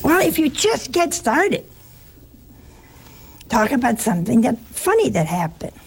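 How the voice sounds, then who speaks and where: Gravelly husky older woman storyteller. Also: a little high, sing-song, measured pace. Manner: chatty storytelling with playful asides. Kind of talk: informal spiritual talk.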